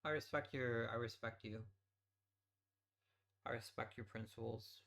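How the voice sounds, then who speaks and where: A man's voice: mid-range voice, steady tone, unhurried, vocal fry, fairly bright tone. A man hosting a let's play, giving casual gameplay commentary as he thinks aloud and swears offhandedly.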